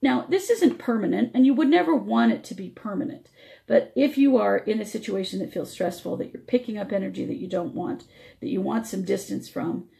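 A woman's voice: mid-range voice, brisk, vocal fry, dark tone. A woman radio host teaching spiritual energy techniques, explaining step by step while her voice struggles.

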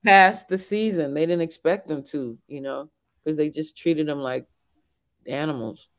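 High-voiced, laid-back chatty man. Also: measured pace. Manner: laid-back, chatty, nerdy asides, laughs often. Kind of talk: casual podcast chat.

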